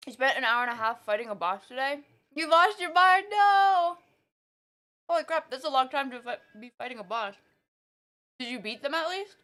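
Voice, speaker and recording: While eating on stream, an excitable woman chats with her viewers and reads their messages, laughing frequently in a casual way. Her pitch is fairly high and her pace brisk.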